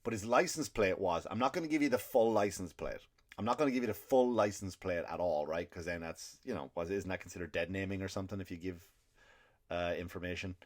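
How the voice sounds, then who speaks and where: A man's voice: low-pitched, fast talker. A male comedian hosting his podcast, telling a rambling, profane story with indignant asides.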